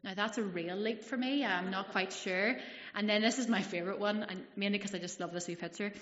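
A woman's voice: mid-range voice, brisk, fairly bright tone, a little hiss or hum. Woman preacher, conversational sermon, acts out voices, dull roomy hall recording. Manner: conversational, acts out the people's thoughts. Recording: dull echoey hall, long reverb.

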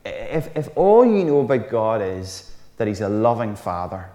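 A man preaching a sermon in a lively, chatty way, with joking asides. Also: on the low side, normal speed. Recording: roomy hall reverb.

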